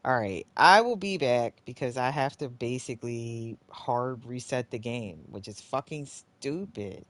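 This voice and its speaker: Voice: mid-range voice, animated, unhurried, hardly any pauses, no room sound. A live streamer giving gameplay commentary, talking to themself, swearing often, and sighing between lines. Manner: talks to self, swears often when frustrated; groans and sighs, swings between muttering and exclaiming.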